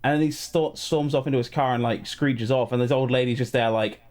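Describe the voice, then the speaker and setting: This is a man with an average pitch, ranting to his co-hosts on a podcast. He is exasperated and swears a lot. The talk is casual and unscripted. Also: steady tone, a little fast, hardly any pauses, a little mellow. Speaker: podcast co-host.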